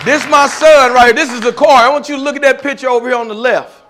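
High-pitched, fervent preaching man. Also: fairly even intonation, fast talker, faint music behind, some chatter behind. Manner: repetitive call-and-response preaching, rising to shouts. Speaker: preacher giving testimony. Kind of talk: fervent sermon testimony. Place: church service with congregation.

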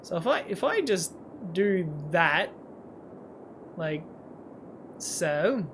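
A man's voice: high-pitched, big pitch swings, extremely slow, fairly bright tone, slight background noise. A man commenting on his own city-building game, rambling and self-mocking, slipping into silly sing-song and nonsense sounds. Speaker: gaming YouTuber. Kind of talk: let's-play commentary. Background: faint game music.

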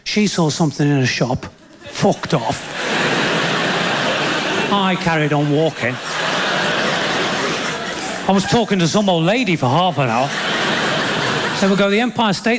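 A stand-up comic with a fairly high voice tells bawdy stories, flaring into shrill, exasperated rants. He is recorded live on a theatre stage, with the crowd's laughter loud behind him. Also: expressive, a little slow, long pauses, very noisy. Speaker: stand-up comedian. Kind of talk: stand-up routine.

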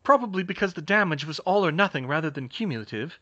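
A clever young witch, put on by a male reader in a storybook reading, her voice lifted above his own and full of lively rises and falls. She lays out her reasoning in a brisk, matter-of-fact way. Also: fairly high pitch, muffled recording, pitched above the performer's own voice. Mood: analytical. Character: young woman, quick-minded witch, analytical.

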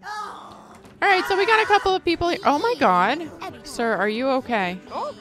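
A young woman giving casual let's-play commentary, chatty and excitable, squealing at cute moments. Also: very high-pitched, normal speed, music in the background. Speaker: gaming video creator.

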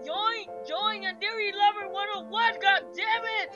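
A very high-pitched woman narrating her game in a slow, drawn-out way. She gets excitable and panicky, yelling and pleading at her co-player. A casual gameplay recording. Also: lo-fi sound, music in the background. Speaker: gamer recording a let's-play.

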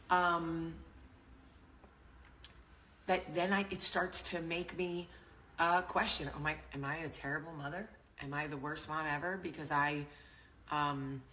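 A woman's voice: lowish voice, a bit bright, a little hiss or hum. A woman in her thirties with a New York-area accent, talking candidly to camera as a vlog host. She is blunt and self-mocking and swears freely. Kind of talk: casual chat to camera.

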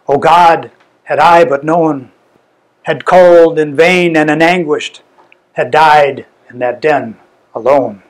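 A man performing a dramatic verse recitation live, theatrical and mournful, with sudden swells and hushes. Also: fairly high pitch, low-quality recording. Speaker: bard, poetry performer.

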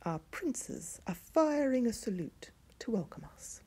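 A woman voicing an eldest princess who soothes and gently scolds her little sister. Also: on the high side, very animated, unhurried, slightly rough, pitched above the performer's own voice, exaggerated voice. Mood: reassuring.

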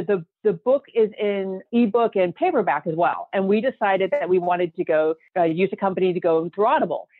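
A woman guest calls in over a thin, tinny phone line. She tells her story in a bubbly, excitable rush, chatting casually. Her voice sits mid-range and sounds dry. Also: mid-range voice, no room sound. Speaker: author guest. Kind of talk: casual interview chat.

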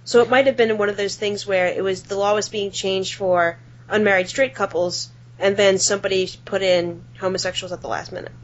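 A woman's voice: mid-range voice, fairly even intonation, fairly quick. A woman co-hosting a podcast in casual chat, playful, jokey and affectionately teasing. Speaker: podcast co-host. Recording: slightly dull lo-fi audio.

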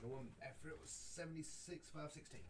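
A man's voice: fairly high pitch, fairly quick. Terse man, far from the mic. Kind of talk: casual banter. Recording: distant from mic, noisy.

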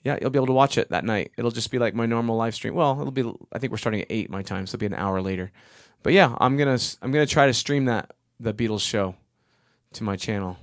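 Middle-aged male stream host, loose rambling chat, mid-pitched voice, long reverb tail. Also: quick pace. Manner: rambling, thanks viewers by name. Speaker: live-stream musician host. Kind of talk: casual chat between songs.

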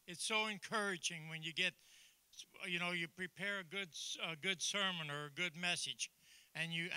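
Jokey, earnest pastor from Canada. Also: male voice, fairly high pitch, sharp tone, smooth, dry recording. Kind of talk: informal church talk. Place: church.

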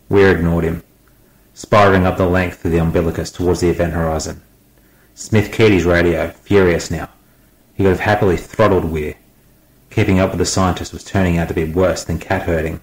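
Brief: male audiobook narrator, deep and steady, dramatic delivery, echoey room. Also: fairly quick.

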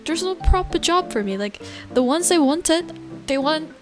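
A woman's voice: sits high, lively intonation, moderate pace. A young adult woman live-streaming, chatting casually into a close desk mic, giggly and rambling, swearing casually. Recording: live stream with faint music. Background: faint background music.

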